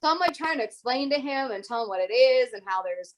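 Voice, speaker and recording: A woman teacher speaks as an interview guest, her voice sitting a little high. She tells stories in an animated way and slips into the voices of the people she is quoting. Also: brisk, low-quality recording. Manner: animated storyteller who acts out other people's voices. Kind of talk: casual interview conversation.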